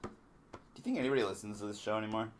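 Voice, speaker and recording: A man co-hosting a casual wrestling podcast, teasing his partner with sarcastic jokes and sudden loud swearing. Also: on the low side, rapid-fire, slight background noise. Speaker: podcast co-host.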